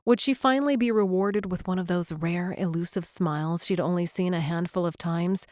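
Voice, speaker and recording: A woman's voice: fairly low pitch, moderate pace, darkish tone, no room sound. Woman narrating a romance audiobook, dry. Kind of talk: scripted narration.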